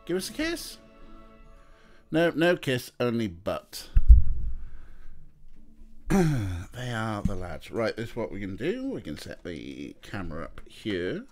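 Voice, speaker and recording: A male streamer chats casually with his viewers in a very animated voice that swings high and low. He often slips into a high sing-song coo while he talks to his cats. Soft music plays quietly in the background. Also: a little slow, pauses often. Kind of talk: casual livestream chat.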